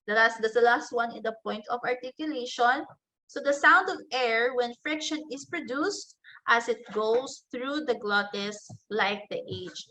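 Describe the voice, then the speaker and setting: A woman teaching an online class into a computer microphone. She talks at an unhurried pace with a bright, somewhat high voice. She pauses often with fillers and says each example word on its own. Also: poor audio. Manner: slow, explanatory, with frequent fillers and restarts; enunciates example words one by one.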